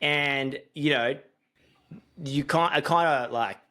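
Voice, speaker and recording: A relaxed man talking casually as a podcast host. His pitch sits in the middle range. He jokes around and rambles, with lots of ums and likes. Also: slow. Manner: laid-back, jokey, rambling with fillers.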